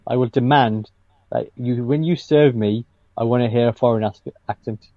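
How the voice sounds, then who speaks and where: A man's voice: medium pitch, normal speed, no room sound, muffled recording. A man joking through casual podcast banter, often stopping and restarting his sentences. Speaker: podcast co-host.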